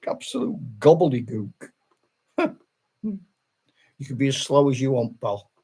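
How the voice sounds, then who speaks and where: A man's voice: mid-range voice, measured pace, dark tone, slightly rough. An older retired man, a channel host, chatting casually on a live stream, rambling with restarts and laughing often.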